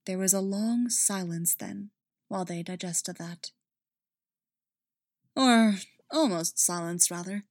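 A woman narrating a story in a measured, expressive reading. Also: on the low side, no echo, clean studio sound. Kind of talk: audiobook narration of fan fiction.

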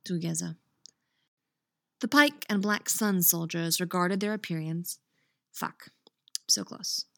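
A woman reading fan fiction aloud on a couch in a friend's house, expressive, laughing and swearing at her own slips. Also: on the low side, unhurried, no echo, clean studio sound. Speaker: podfic reader.

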